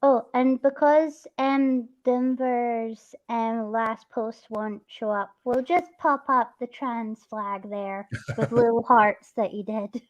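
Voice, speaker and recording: A woman's voice: on the high side, fairly even intonation, muffled recording. Stream host, woman, mixed Scottish-English accent, rambling casual chat. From Scotland. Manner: rambling, chatty, quick to laugh.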